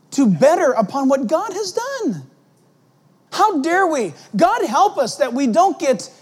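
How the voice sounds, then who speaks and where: A man's voice: very high-pitched, darkish tone. A male pastor preaching an expository sermon, emphatic and full of rhetorical questions.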